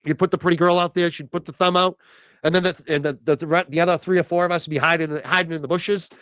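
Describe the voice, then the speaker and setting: A man's voice: fairly high pitch, fairly even intonation, fast, fairly bright tone, clear, resonant tone, dry recording. A man chattily telling anecdotes in a played clip. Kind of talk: storytelling in a clip.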